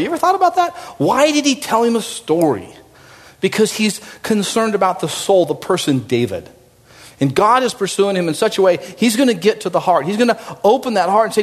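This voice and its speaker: A male pastor preaching a sermon in an animated, conversational way, swinging from loud, high emphasis to low, quiet asides. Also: a little fast. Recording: long reverb of a large hall.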